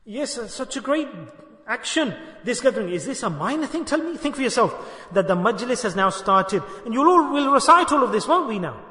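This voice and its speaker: High bright-voiced man preaching in an echoey hall. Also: sing-song, brisk. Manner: earnest, repeats phrases, asks the audience questions; sprinkles Arabic devotional phrases into English. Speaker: Sufi sheikh teaching a dhikr gathering. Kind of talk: sermon. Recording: echoey hall with long reverb.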